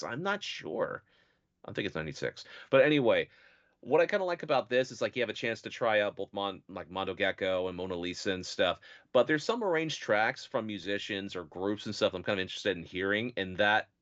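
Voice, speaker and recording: A man with a very deep voice rambles through casual podcast chat, hedging nearly every phrase with "like" and "sort of". The sound is dull and lo-fi. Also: lively intonation, a little fast, a bit bright. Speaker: podcast co-host.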